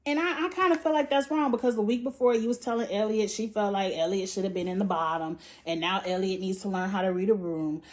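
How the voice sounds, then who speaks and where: A woman's voice: medium pitch, quick pace, few pauses. A woman hosting a casual recap vlog, blunt and profane with lots of slang, animatedly acting out quotes. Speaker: show reviewer and channel host.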